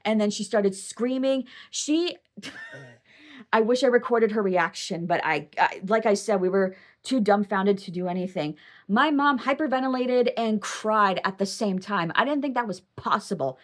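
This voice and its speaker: Young woman chatting to her camera, excitable and rambly, mid-pitched voice. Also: a little slow. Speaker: vlogger. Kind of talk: casual personal storytelling to camera.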